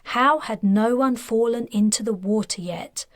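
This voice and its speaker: A woman's voice: on the high side, no echo, clean studio sound. Woman narrating a sci-fi audiobook. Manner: steady, measured storytelling. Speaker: author narrating her own novel.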